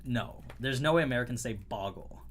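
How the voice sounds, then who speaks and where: A man's voice: medium pitch, a little fast, slight background noise. A Canadian man hosting a casual livestream, chatty and rambling, with a dry cough, often breaking off mid-sentence. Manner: rambling, self-interrupting, chatty. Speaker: livestream host.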